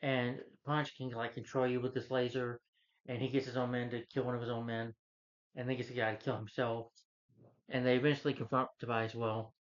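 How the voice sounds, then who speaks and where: A man in a mid-pitched voice talks through a film plot in a loose, rambling way, leaning on fillers. The recording sounds dull and lo-fi. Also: flat delivery, fairly quick. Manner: rambling, full of fillers like "you know" and "like". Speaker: film reviewer. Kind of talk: casual spoken movie recap.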